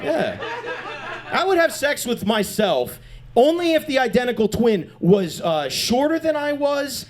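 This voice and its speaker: High, lively man doing stand-up. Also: measured pace. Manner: animated, loose, crude, chatting with the crowd. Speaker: stand-up comedian. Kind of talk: stand-up comedy. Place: comedy club stage.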